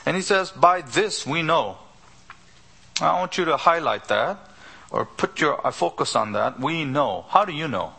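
A man's voice: a little high, sing-song, a little slow, creaky, sharp tone, breathy edge. A man preaching a sermon as a pastor, pressing his listeners with rhetorical questions one after another. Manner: rhetorical repeated questions, emphatic.

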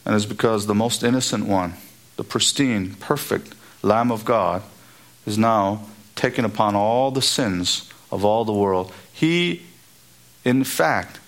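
Man preaching an emphatic sermon. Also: measured pace. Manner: emphatic, rising to high repeated exhortations. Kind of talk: expository sermon.

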